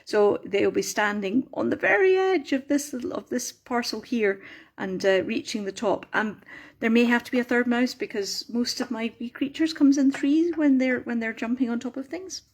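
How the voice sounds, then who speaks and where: A middle-aged woman chats through a craft livestream in a fairly high voice. She rambles, stops herself mid-thought and apologises often, keeping the talk loose and homely. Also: darkish tone. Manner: chatty, self-interrupting, apologetic. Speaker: craft maker hosting a livestream. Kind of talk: rambling casual live chat.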